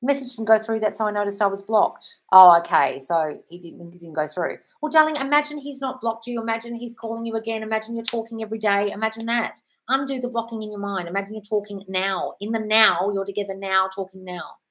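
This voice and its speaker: A woman's voice: medium pitch, fast talker, a bit bright. A woman answering chat questions on a casual live stream, blunt and sweary, calling viewers darling.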